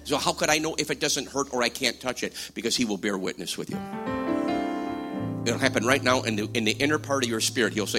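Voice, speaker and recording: A man preaching a sermon, swinging from hushed, slow passages to loud, emphatic ones. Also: mid-range voice. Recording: music playing behind voice.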